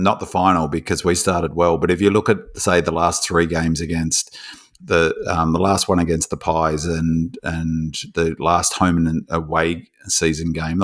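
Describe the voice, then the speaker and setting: Man, Australian accent, very deep voice, rambling casual chat, animated storytelling. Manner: rambling, lots of restarts, animated when telling stories. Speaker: podcast co-host.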